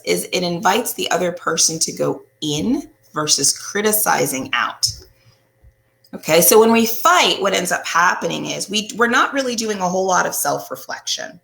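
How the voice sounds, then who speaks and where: A woman therapist talks in a relaxed, explanatory way, her pitch swinging widely as she acts out little quotes. Her voice is bright and sharp, with a gravelly fry at the ends of phrases. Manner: animated, acts out quotes, often asks "right?". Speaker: couples therapist. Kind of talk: casual explanatory talk.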